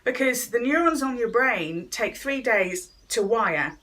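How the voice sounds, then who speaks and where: Her voice is slightly high and a bit bright, expressive, and paced in a measured way. Addressing viewers straight to camera, she chats about workplace wellness, performing quoted voices as she goes.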